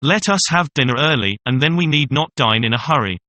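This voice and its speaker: A man's voice: mid-range voice, expressive, fairly quick, sharp tone. A man reading the lines of an earnest, pleading fifty-year-old cashier in a classic story audiobook.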